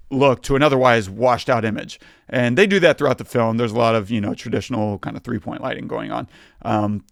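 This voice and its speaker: A man co-hosting a film podcast, talking in a relaxed, casual way with plenty of fillers. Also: mid-range voice, gravelly, no echo, clean studio sound. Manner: relaxed, lots of fillers and laughs. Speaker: podcast co-host. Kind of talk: casual chat.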